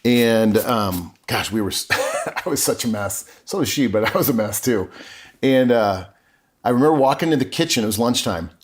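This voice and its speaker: A middle-aged man appearing as a podcast guest tells his personal story earnestly and with open emotion, restarting often. His voice is medium-pitched, expressive, and at normal speed.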